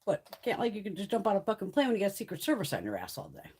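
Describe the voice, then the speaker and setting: A woman's voice: mid-range voice, wildly swooping pitch, racing, darkish tone, a little hiss or hum. A middle-aged woman from the US East Coast chatting casually on a livestream, telling stories in a blunt way and swearing constantly. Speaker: beauty livestream host.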